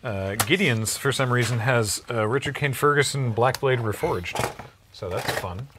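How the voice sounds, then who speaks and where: A man's voice: medium pitch, a little slow, noisy background. A man chatting casually on a card-game stream, wry as he sorts through a collection aloud. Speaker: show regular.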